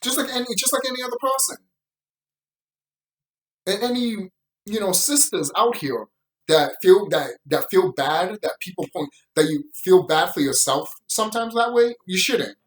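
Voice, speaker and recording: A man reviewing a show in a loose, unscripted rant. His pitch swings widely as he gets worked up, and he swears freely and laughs often. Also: moderate pace, poor audio. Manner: animated, profane ranting with frequent laughter. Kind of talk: casual opinion commentary.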